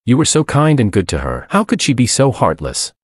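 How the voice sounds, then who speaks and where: A man's voice: mid-range voice, wildly swooping pitch, brisk, husky, no room sound, clean studio sound, voice pushed up. A man voicing a cold, resolute teenage daughter. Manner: cold and firm.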